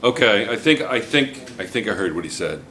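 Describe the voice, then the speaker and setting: A man's voice: fairly low pitch, lively intonation, a little fast, bright, forceful tone. Older male chemistry teacher, wry classroom lecturer, light background hiss. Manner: joking, teasing students while explaining.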